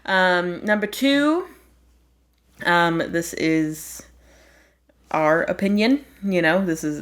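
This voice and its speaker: Playful woman hosting an advice podcast. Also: sits low. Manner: playful, slips into put-on accents. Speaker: podcast host. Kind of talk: casual chat.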